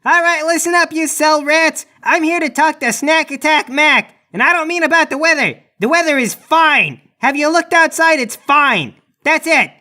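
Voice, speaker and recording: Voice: sits high, moderate pace, hardly any pauses, bright, forceful tone, pitched above the performer's own voice. A player voicing a bossy, rambling prison guard in a tabletop game.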